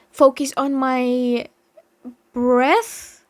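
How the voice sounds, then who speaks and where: A woman's voice: high voice, slow pace, no room sound. A young woman telling a story in a casual vlog, dramatic and emphatic, swearing heavily. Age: young adult.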